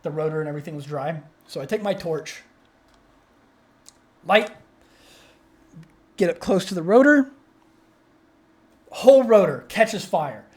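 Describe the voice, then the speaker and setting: A young man co-hosting a podcast, telling a story in casual chat, excitable and rambling with frequent swearing and restarts. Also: high voice, measured pace, pauses often. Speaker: podcast co-host.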